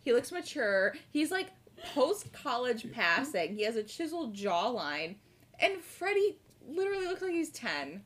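A young woman co-hosting a rewatch podcast, chatting casually with quick comic asides and swearing. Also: fairly high pitch, big pitch swings, a bit bright. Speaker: podcast co-host. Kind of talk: casual chat.

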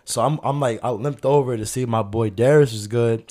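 A man telling a story in casual chat, animated and slangy, acting out other people's voices and laughing often. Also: medium pitch, a little fast.

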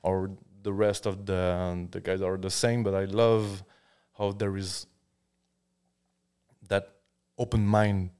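French-accented man, low and smooth. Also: little pitch movement, darkish tone. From France. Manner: halting, searching for English words. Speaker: guest tattoo artist. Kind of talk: casual chat.

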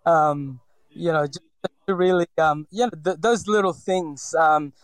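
A man's voice: on the high side, unhurried, no echo, poor audio. A man in his forties from the Philippines with a slight Filipino accent, telling his story in a hesitant interview full of fillers and restarts. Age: 40s. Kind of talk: reflective personal interview.

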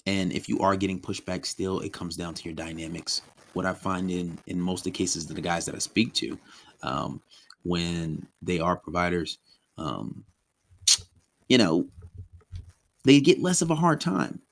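A man with a very low voice talks through a relationship lesson. His delivery is loose and conversational, full of ums and restarts. He slips into quick acted-out quotes of the men he coaches. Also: creaky, a little hiss or hum. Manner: loose and conversational, many ums and restarts, acts out clients' complaints. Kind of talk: casual spoken lesson.

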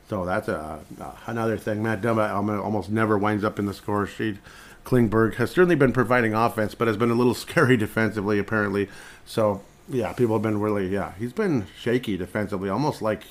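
A man hosting a sports podcast in a loose, rambling way. His voice sits a little low, and he chuckles often as he thinks out loud. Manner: rambling, chuckles between thoughts. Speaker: podcast host. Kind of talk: casual sports chat.

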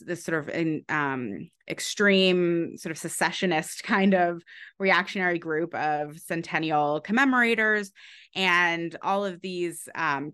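A woman author explaining her research in a conversational interview, thoughtful, with frequent pauses and restarts. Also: lowish voice, a bit bright, smooth. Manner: thoughtful, many "um"s and restarts, light laughs. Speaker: author guest.

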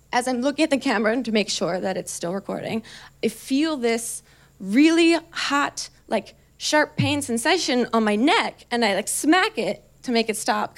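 A young woman doing stand-up, telling a chatty, self-mocking story and laughing through her lines. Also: fairly high pitch. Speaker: stand-up comedian.

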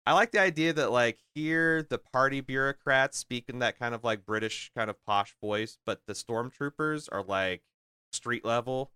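Male podcast co-host, bright crisp voice, lowish pitch, eager rambler, dry close mic. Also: moderate pace, no room sound. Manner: enthusiastic, rambling with many fillers and restarts. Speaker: podcast co-host discussing a film. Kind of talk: casual chat.

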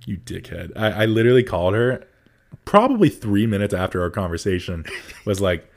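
A man's voice: lowish voice, a little fast. A young man chatting casually with a friend, swearing a lot and telling stories with plenty of laughter. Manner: animated storyteller, swears a lot, laughs often. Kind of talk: casual chat between friends.

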